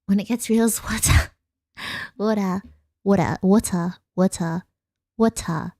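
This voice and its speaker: A woman's voice: mid-range voice, measured pace, darkish tone, no echo. A young Australian woman streaming a casual late-night chat, rambling and giggling as she answers her viewers. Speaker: vtuber streamer.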